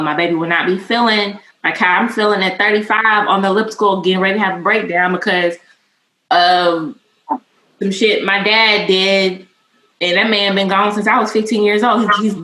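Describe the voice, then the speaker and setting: A woman in her mid-thirties, co-hosting a podcast, telling a candid personal story with emotion and free cussing. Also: mid-range voice. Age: 30s. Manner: emotional, cusses freely, animated. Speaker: podcast co-host. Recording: echoey room with faint noise.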